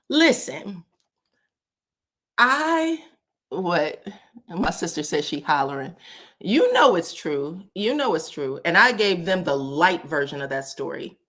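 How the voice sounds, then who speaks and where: A woman chatting casually on a live stream, telling family stories with frequent laughs and acting out quoted lines in a raised voice. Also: on the low side. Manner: animated, laughs often, acts out quotes in a raised voice.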